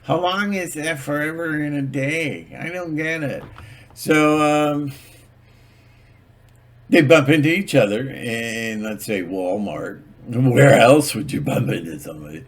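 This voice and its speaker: A man tells stories at an unhurried, slow pace, his voice sitting in an ordinary middle register. He rambles and stumbles through fillers and restarts, and he slips into skits to act the stories out. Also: mid-range voice. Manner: rambling and hesitant, acting out little skits in different voices. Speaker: channel host. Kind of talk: casual storytelling monologue.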